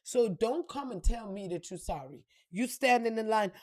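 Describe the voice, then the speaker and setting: High-voiced woman ranting bluntly. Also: lively intonation, normal speed, few pauses, darkish tone. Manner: blunt, profane, heated. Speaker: spiritual reader and vlogger. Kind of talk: unscripted rant to camera.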